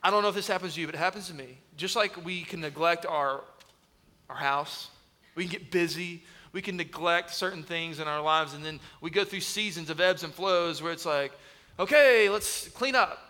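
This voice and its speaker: A man in his thirties, an executive pastor, preaching a sermon with humorous stories, animated and acting out voices. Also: a little high, brisk. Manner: animated storytelling, acts out voices and shouts. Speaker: executive pastor of student ministry. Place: large church hall. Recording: long hall reverb.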